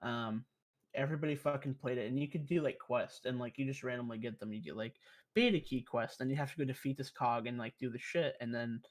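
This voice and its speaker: A man's voice: medium pitch, fairly quick. Young guy on a podcast telling a rambling story, swears a lot. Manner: profane, rambling, animated storyteller. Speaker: podcast guest. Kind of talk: casual storytelling chat.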